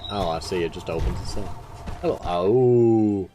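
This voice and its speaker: A man's voice: low voice, moderate pace, background noise. A man casually commenting as he plays a fantasy game, joking and talking to the characters. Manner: playful, chatty, talks to the game characters. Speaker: let's play host.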